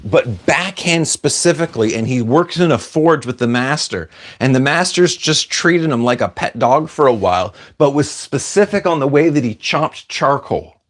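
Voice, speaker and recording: A man's voice: medium pitch, expressive, moderate pace, few pauses. A man casually chatting on a livestream, reading out viewer comments and answering them in a rambling, self-deprecating way. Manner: chatty, self-deprecating, wanders off mid-sentence.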